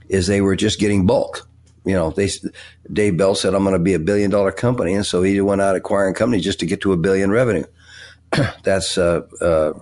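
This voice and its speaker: Very low-voiced older man, halting. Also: a little mellow. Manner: halting, many restarts and fillers. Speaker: guest, tech executive and author. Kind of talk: interview answers.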